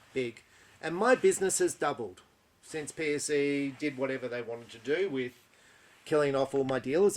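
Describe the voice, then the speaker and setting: An older Australian man who runs an archery shop, talking to camera in a blunt, exasperated way, full of rhetorical questions and tag questions. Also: mid-range voice. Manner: blunt, exasperated, rhetorical, keeps asking "right?". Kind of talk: frustrated monologue to camera.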